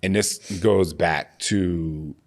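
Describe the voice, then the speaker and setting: A man in his forties, a guest in an interview, talking openly and emotionally, slowing down and growing quiet on painful memories, with many casual fillers. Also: low-pitched. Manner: emotional, open, slows on heavy moments. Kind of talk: candid interview conversation.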